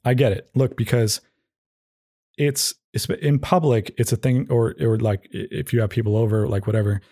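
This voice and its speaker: A man's voice: medium pitch, steady tone, moderate pace, mellow, no room sound, clean studio sound. A man hosting a solo podcast, talking in a casual, rambling and opinionated way with a wry edge. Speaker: podcast host.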